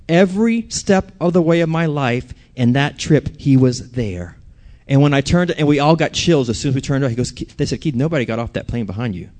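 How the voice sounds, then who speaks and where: A man's voice: fairly high pitch, darkish tone. A man preaching a sermon, telling a personal story and asking the audience questions.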